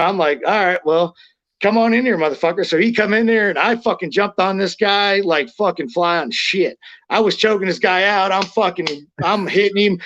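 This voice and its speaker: A man's voice: high voice, dull audio. A man telling blunt, profane stories as an interview guest, acting out the lines he quotes. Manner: blunt, swears constantly, acts out quotes loudly. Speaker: interview guest, former wrestler. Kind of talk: casual storytelling, profane.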